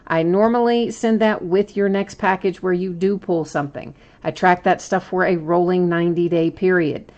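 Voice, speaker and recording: A woman's voice: lowish voice, steady tone, normal speed, hardly any pauses, darkish tone, dull audio. Chatty woman hosting a live card break. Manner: chatty, explains details at length, laughs at herself. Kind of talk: casual live stream chat.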